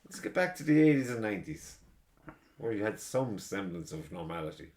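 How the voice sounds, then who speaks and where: A man's voice: on the low side, sing-song, a little fast, darkish tone. An Irish man hosting a podcast, telling rambling, profane stories in a casual chat. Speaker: podcast host.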